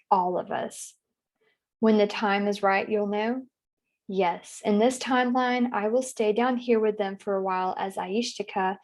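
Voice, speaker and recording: A woman as a session client, describing visions in a dreamy, halting and emotional way while in trance. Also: medium pitch, a little mellow. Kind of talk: narrating a guided trance session.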